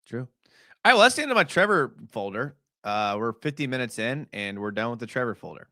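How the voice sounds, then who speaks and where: A young man talks through game film on a live stream, rambling and chatty with lots of "like" and "uh." His pitch swings up and down as he gets worked up. The sound is close and dry, with no room around him. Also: a little fast, no echo. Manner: chatty, filler-heavy, excitable. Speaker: podcast host breaking down game film.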